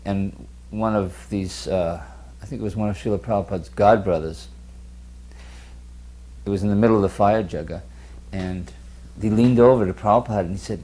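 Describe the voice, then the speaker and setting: A man's voice: fairly low pitch, normal speed. A man relaxedly telling a short anecdote about his teacher. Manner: relaxed anecdote telling, lively in quoted lines. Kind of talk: spoken anecdote. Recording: faint background hum.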